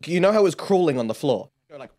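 A man with a British accent on a gaming livestream, swearing freely and often yelling at the game. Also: on the high side, animated, fast talker, noisy background. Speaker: streamer. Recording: loud game music over the voice.

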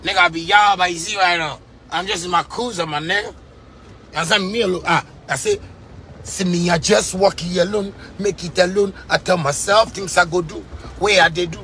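A man's voice: high voice, steady tone, brisk, sharp tone, slight background noise. Fiery Ghanaian man ranting in a car. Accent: Ghanaian Pidgin English. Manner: fiery, repetitive, preachy street talk. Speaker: musician vlogger. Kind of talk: casual rant to camera. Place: inside a car.

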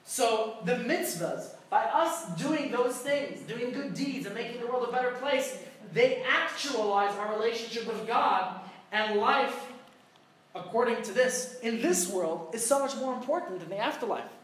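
A man's voice: extremely high pitch, animated, measured pace, a bit bright. A rabbi teaching a conversational Torah class, putting rhetorical questions to his listeners and telling jokes. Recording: very echoey room, mic far off.

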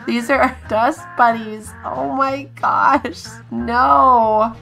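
A woman giving casual let's-play commentary, chatting to her game characters, coaxing and scolding them with sudden excited exclamations. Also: a little high, takes it slowly, creaky, hardly any pauses, soft background music. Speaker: gaming channel host.

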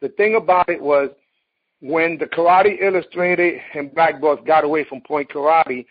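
A man from New York City hosting a casual interview, eager and quick to jump in, often repeating words as he gets going. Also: fairly high pitch, dull audio. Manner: enthusiastic, repeats words as he starts his sentences. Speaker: host.

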